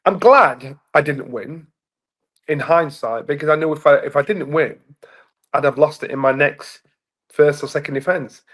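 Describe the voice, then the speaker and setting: A man in his fifties, a former boxing champion from England, telling stories casually as an interview guest and acting out the voices in them. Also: normal speed. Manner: animated, acts out voices in anecdotes with rising pitch. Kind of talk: casual storytelling in a sit-down interview.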